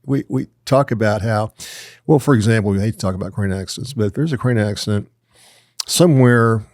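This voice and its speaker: A man hosting a podcast, chatting in a relaxed, conversational way. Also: on the low side, fairly quick, no room sound, studio quality. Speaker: podcast host. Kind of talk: casual chat.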